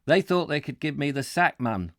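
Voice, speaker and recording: A man's voice: mid-range voice, animated, moderate pace, dry recording, clean studio sound, voice pushed up, close to an everyday voice. A man voicing an older male railwayman, blunt and wry, in a failed try at a northern dialect.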